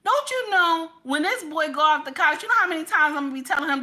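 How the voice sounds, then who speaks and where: A woman's voice: high-pitched, lively intonation, quick pace, hardly any pauses, sharp tone. A middle-aged woman giving casual, emphatic reaction commentary, repeating her points in a preachy way.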